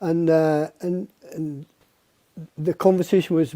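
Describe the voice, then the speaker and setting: A man's voice: fairly high pitch, normal speed, mellow, no room sound. A Scottish man, a guest poet, chatting on a video call. He chuckles often and repeats words as he thinks. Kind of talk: casual chat on a live stream.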